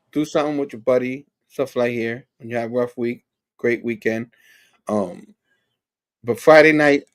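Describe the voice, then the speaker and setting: A man co-hosting a casual podcast chat, laid-back and jokey, his voice going hoarse. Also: mid-range voice. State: losing his voice. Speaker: co-host.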